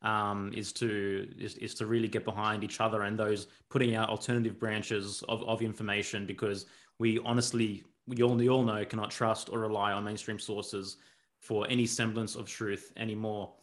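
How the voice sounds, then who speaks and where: A man's voice: lowish voice, flat delivery, moderate pace. A man co-hosting a podcast, speaking hesitantly with many fillers. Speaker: podcast co-host. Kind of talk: casual podcast sign-off.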